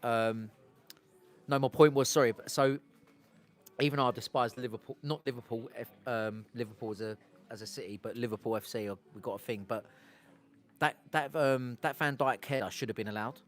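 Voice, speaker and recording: Fast-talking man chatting on a live stream. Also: medium pitch, fairly even intonation. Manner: rambling, self-interrupting, talks to viewers. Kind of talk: casual live-stream chat. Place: outdoors on a street.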